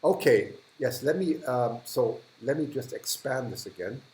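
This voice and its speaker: A man's voice: medium pitch, lively intonation, measured pace, darkish tone, low-quality recording. A man hosting a live stream from a hot, humid indoor room, chatting casually as he reads and thanks viewers, often restarting sentences and chuckling. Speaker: livestream host.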